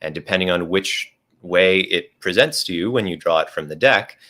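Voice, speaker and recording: Deep, forceful man explaining game rules. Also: moderate pace. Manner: casual, explains step by step with restarts. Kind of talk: livestreamed tabletop game chat.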